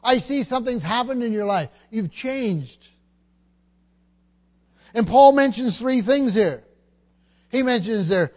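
A man's voice: high-pitched, animated, unhurried, pauses often. A man preaching a sermon, emphatic and teaching, often repeating words and asking the congregation questions.

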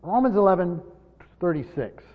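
A man with a fairly high voice teaches scripture to a gathered class, hitting key words hard and then falling quiet. The sound carries a long hall reverb and a dull, lo-fi tone. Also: very animated, normal speed. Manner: emphatic, swinging between loud stresses and quiet asides. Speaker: pastor teaching a Bible study. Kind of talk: expository Bible teaching.

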